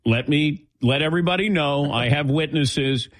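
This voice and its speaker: A man's voice: fairly high pitch, moderate pace, fairly bright tone. A man hosting a sports talk show in a studio, teasing his crew in casual banter and laughing often. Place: radio studio.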